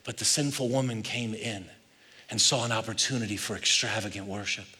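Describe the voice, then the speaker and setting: A man preaching a sermon as pastor, swinging between loud urging and hushed intensity. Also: lowish voice, fairly quick. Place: large church hall. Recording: long reverb of a large hall.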